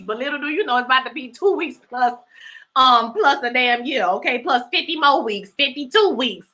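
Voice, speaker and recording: A woman hosting a casual livestream, recapping a TV episode in an animated, sassy way and greeting her live chat. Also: normal speed. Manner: animated, sassy, swings pitch for emphasis.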